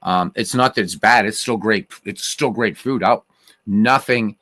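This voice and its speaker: A man's voice: lowish voice, unhurried, bright, forceful tone, no echo. A man from Ireland hosting a casual livestream, rambling through viewer comments with fillers, restarts and swearing. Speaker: livestream host.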